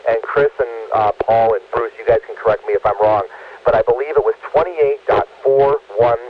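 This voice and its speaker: A man's voice: medium pitch, fairly even intonation, normal speed, muffled recording. Rambling man on a ham radio net. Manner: friendly, rambling, many fillers. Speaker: net control operator of an amateur radio net. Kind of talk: amateur radio net chat.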